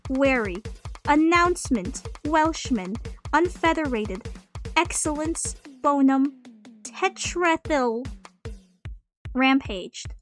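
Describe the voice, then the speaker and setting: A young woman streamer reading single words aloud, slowly and deliberately, while playing a memory game. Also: sits high.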